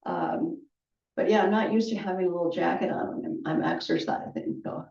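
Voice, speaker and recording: A woman leading a qigong movement class, calmly cueing each breath with chatty asides. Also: on the low side, normal speed, gravelly. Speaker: qigong instructor. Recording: roomy, distant, dull audio.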